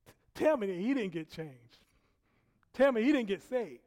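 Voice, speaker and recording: A man preaching a sermon, telling a personal story in an animated way, laughing often and dropping from loud bursts to hushed quiet. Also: high-pitched, normal speed. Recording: long hall reverb.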